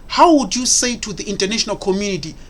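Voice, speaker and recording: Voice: mid-range voice, expressive, fast talker. Emphatic, repetitive political commentator. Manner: emphatic and repetitive, with rhetorical questions; frequent hesitant fillers. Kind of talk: impassioned solo political commentary.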